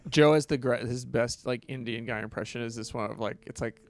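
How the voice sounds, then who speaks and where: A man co-hosting a podcast in casual chat, animated, now and then shouting out impressions. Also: mid-range voice, brisk, creaky, slight background noise. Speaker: podcast co-host.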